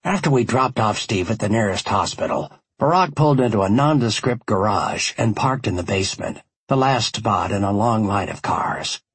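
A man narrates a first-person audiobook in a wry, conversational way. His voice is low and husky, and his pitch rises and falls freely. The recording is dry and close. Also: lively intonation, normal speed, hardly any pauses, no room sound.

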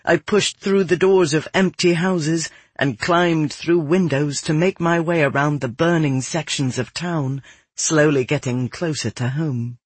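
A man reading a dark first-person novel aloud in a measured, grim storytelling manner. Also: fairly high pitch, fairly even intonation, breathy edge, no room sound. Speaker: audiobook narrator. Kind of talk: scripted first-person fiction narration.

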